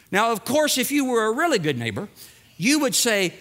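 A man's voice: high voice, big pitch swings, a little fast, a bit bright. A middle-aged man preaching a sermon as pastor, emphatic and repeating phrases for effect, acting out small dialogues.

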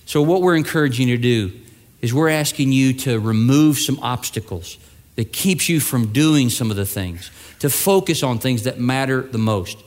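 A man's voice: mid-range voice, moderate pace, a little mellow. A male pastor preaching a sermon, telling stories and acting out the voices of the people in them. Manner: storytelling with acted-out voices, building to emphatic peaks.

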